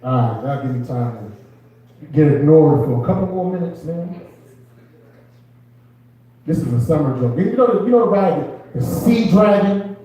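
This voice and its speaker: A man's voice: on the high side, lively intonation, normal speed, pauses often, mellow, very echoey, recorded from a distance, rough recording. A man hosting an open mic and doing loose, rambling, self-mocking stand-up comedy in a club.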